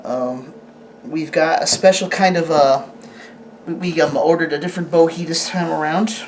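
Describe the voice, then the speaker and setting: Host chatting through a sword review, stops and restarts a lot, mid pitch, bit of hiss behind. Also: steady tone. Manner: rambling, halting, with frequent restarts; chatty, asks the camera operator questions. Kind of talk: casual product review.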